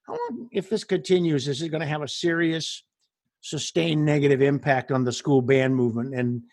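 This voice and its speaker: A man hosting an interview, a former band director who tells animated stories and acts out the voices in them. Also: fairly high pitch, dry recording, clean studio sound. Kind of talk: casual interview and storytelling.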